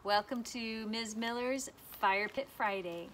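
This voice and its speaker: A woman's voice: a little high, unhurried, fairly bright tone, a little hiss or hum. A woman teacher giving a cheerful, sing-song lesson to children outdoors by a fire pit, inviting them to repeat after her.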